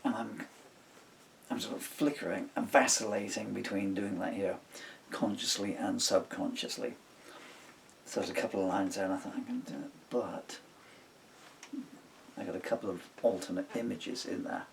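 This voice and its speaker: Older male songwriter, low and gravelly, meandering self-interrupting chat, distant mic with faint hiss. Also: steady tone, normal speed, pauses often. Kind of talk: casual rambling talk while writing a song. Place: home recording studio.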